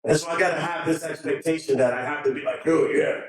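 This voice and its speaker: A middle-aged man speaks to a conference audience in a large hall, his fairly high voice steady in tone and quick in pace. He sounds emotional and earnest yet nervous, often restarting his sentences. The recording is distant and echoey, with crowd noise in the background.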